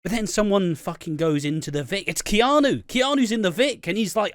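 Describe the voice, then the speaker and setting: A British man co-hosting a podcast, recapping a soap episode in casual, excitable chat, swearing a lot and acting out the characters' lines. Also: sits high, fairly quick, no room sound, studio quality. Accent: British English. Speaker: podcast co-host.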